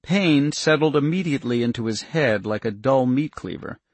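A man narrating an audiobook in a steady, measured way on a close mic. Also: mid-range voice, no echo.

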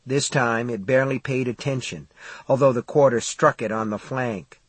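A husky-voiced man at medium pitch reads a thriller as an audiobook narrator, telling the story in a steady, measured way. It's scripted audiobook narration with no room sound.

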